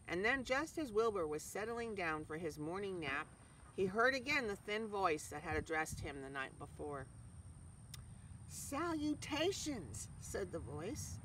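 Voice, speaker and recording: A storyteller reading a children's chapter book aloud with expressive narration. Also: medium pitch, normal speed, distant mic, slight background noise, poor audio.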